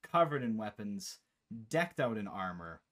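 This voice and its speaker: A young man, the host and game master, chatting casually over an online call as a rambling, animated storyteller. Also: on the low side, a little slow. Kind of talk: casual chat, recapping a campaign.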